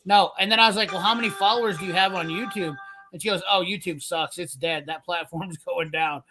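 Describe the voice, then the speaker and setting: A man's voice: high-pitched, fairly quick, over music. A man hosting a casual garage-talk livestream, telling a rambling story, acting out quotes and laughing often. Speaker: podcast host.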